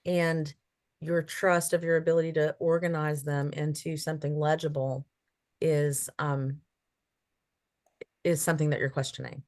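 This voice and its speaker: Low-pitched woman giving a gentle reading. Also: flat delivery, normal speed, long pauses. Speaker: animal communicator. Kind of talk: casual reading session.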